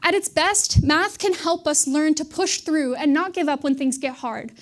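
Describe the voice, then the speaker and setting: A young woman gives a TED-style talk in a high, clear-pitched voice. She speaks in an earnest, reflective way. She sounds like a graduate student presenting her ideas to an audience. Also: moderate pace.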